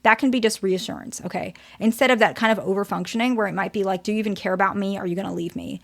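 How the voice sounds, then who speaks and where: A woman therapist giving a casual, direct teaching talk, often checking in with "okay?". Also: medium pitch.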